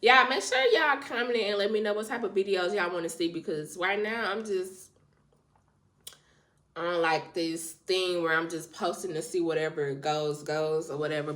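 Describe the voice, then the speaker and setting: A woman's voice: fairly low pitch, bright, forceful tone. A woman hosting a reaction video, talking casually and sympathetically straight to her viewers.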